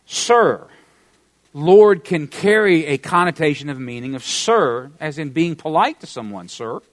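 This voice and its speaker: A middle-aged man with a Southern American accent preaching a sermon, emphatic, with wide swings in pitch and volume and some folksy humor. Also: animated, normal speed, no room sound. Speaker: pastor.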